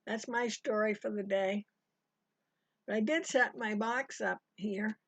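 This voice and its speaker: A woman's voice: medium pitch, steady tone, a little slow, dry recording. An older woman chatting casually as she teaches a live sewing stitch-along, rambling and greeting viewers by name. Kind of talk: casual live tutorial chat. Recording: dry, dull lo-fi stream audio.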